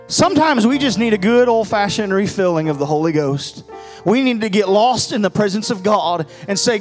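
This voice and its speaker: Male preacher with a high voice, altar-call sermon in a church, pleading and rising into prayer, soft music under him. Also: lively intonation, normal speed. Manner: pleading, builds to loud high passionate prayer. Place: church sanctuary.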